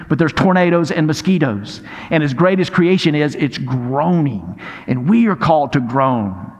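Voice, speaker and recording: A man preaching a sermon as pastor, animated and speaking directly to his congregation. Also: fairly high pitch. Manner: animated preaching with audience prompts. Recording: long hall reverb.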